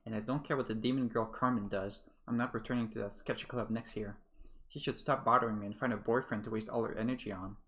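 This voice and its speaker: A man reading the inner monologue of a lazy, grumpy male high school student in a dry, grumbling tone. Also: fairly even intonation, fast, fairly bright tone.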